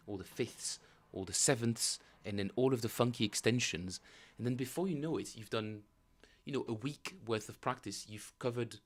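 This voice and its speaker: A man streaming his bass practice, explaining chord tones in a rambling, casual way with lots of fillers and self-corrections. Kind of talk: casual livestream teaching chat.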